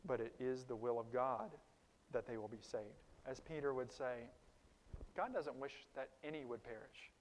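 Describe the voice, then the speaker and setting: A male pastor preaching a sermon, shifting from quiet stretches to loud, high-pitched emphatic bursts. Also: moderate pace, long reverb tail, a little hiss or hum.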